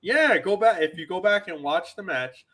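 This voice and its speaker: A man's voice: sits high, lively intonation, moderate pace, over a noisy crowd. A man co-hosting a wrestling podcast, talking in an emphatic, ranting way and repeating himself to make his point. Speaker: podcast co-host. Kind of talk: casual wrestling chat.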